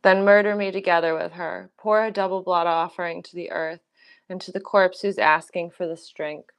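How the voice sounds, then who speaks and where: A grieving old queen who pleads and defies by turns, read by a woman in her own voice. The voice sits low and smooth, and the delivery stays plain and unforced. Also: fairly even intonation, moderate pace, natural voice. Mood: pleading grief. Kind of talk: dramatic reading.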